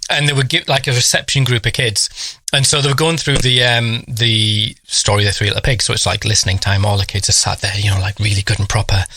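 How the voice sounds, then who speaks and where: A man co-hosting a podcast, telling family anecdotes in a casual, animated way. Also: lowish voice, fast, breathy edge, no room sound. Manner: animated anecdote-telling, acts out children's voices. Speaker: podcast co-host. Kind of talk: casual storytelling chat.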